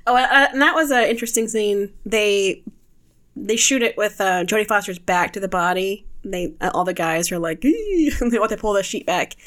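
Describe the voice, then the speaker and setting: A woman co-hosting a casual chat, animated and enthusiastic, laughing often. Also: mid-range voice, normal speed. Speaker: podcast co-host.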